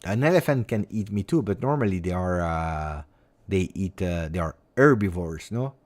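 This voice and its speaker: Italian guy on a live stream, super low voice, chatty and rambly with lots of ums. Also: normal speed. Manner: rambling and expressive, with many fillers. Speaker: football channel host. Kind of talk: casual live-stream chat.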